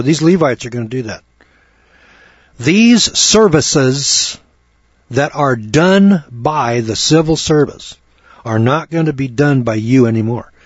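A man's voice: mid-range voice, husky, no room sound. A man preaching a folksy sermon on scripture, wry and full of rhetorical questions. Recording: dull lo-fi recording.

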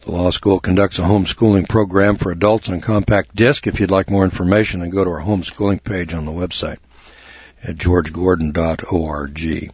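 A man's voice: low-pitched, steady tone, normal speed, a little mellow, slightly rough, no echo, muffled recording. A man hosting a talk radio show, rambling in a folksy, blunt way with lots of fillers and restarts.

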